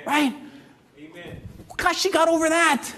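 A man's voice: very high-pitched, steady tone, slow pace, pushed and bright. A man in his fifties preaching a sermon, talking conversationally, joking and asking the congregation questions. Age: 50s. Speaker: pastor.

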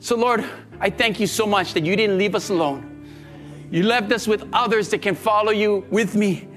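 A man's voice: high voice, moderate pace, fairly bright tone, faint music behind. A male pastor leading an earnest, pleading prayer during a sermon, often repeating his phrases. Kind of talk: sermon and altar-call prayer.

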